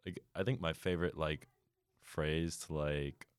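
Very deep-voiced young man, quick and brusque. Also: fairly even intonation, smooth, no echo, clean studio sound. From United States. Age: young adult. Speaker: host. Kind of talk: casual chat.

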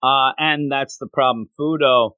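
A man co-hosting a casual podcast, recapping a show in an animated, rambling way with frequent chuckles. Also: medium pitch, measured pace, no room sound. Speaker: podcast co-host.

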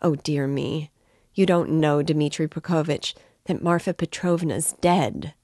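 A woman's voice: low-pitched, fairly even intonation, mellow, no room sound. A woman voicing an anxious, fluttering middle-aged mother in a storybook reading, fretful and close to tears. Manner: fretful, tearful, rushed.

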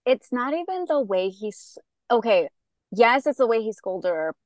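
Femme enthousiaste, voix moyenne. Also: female voice, a little high, sing-song, moderate pace, dry recording. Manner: enthusiastic, rambling with many fillers. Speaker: podcast co-host. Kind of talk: casual fan chat.

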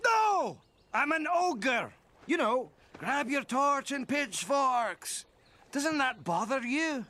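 Grumpy ogre, blunt, real bright tone, swoopy. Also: male voice, extremely high pitch, very animated, takes it slowly, full character voice. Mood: defiant. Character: gruff grumpy male ogre. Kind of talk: animated film acting.

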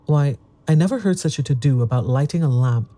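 A man voicing an impatient, sharp-tongued woman in a storybook reading, speaking briskly. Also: on the high side, animated, natural voice. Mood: scolding. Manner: brisk, scolding.

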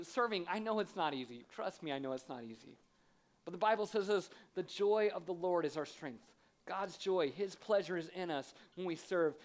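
Man preaching a humorous sermon. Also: sits high. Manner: humorous, self-deprecating storytelling; conversational, animated delivery. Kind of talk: sermon with personal stories. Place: church auditorium with audience.

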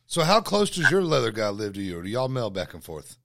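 A man's voice: fairly low pitch, sing-song, brisk, vocal fry, fairly bright tone, dry recording, clean studio sound. A talkative man, co-hosting a podcast and teasing his guest. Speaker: podcast co-host. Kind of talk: casual podcast chat.

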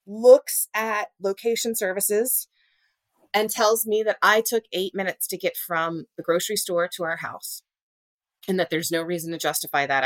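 A woman telling her own story in an interview, earnest and halting, often restarting and acting out what was said. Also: on the low side, no room sound. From Louisiana. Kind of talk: personal storytelling in a podcast interview.

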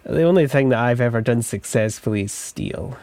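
A man's voice: medium pitch, expressive, a little fast, darkish tone, no echo, lightly acted. A man playing a stammering, panicked thief. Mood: upset. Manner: stammering, swearing, berating himself. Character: Eric, an insecure young man, a self-loathing thief.

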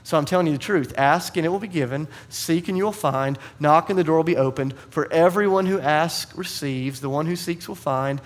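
A man in his thirties preaching a sermon, telling stories and acting out voices in a conversational, animated way. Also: a little high, a little fast, few pauses. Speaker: pastor. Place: church.

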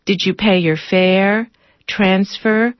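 A woman voicing a rocking bus passenger who repeats her fare questions in a flat monotone, on a dull, dry lo-fi radio recording. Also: medium pitch, drawn-out words, no room sound. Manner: monotone, repetitive. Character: rocking woman asking for fares.

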